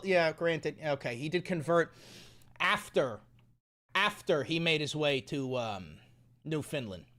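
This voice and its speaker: A young man hosting a comedy commentary vlog, swinging from mumbled asides to shouted rants. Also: fairly high pitch.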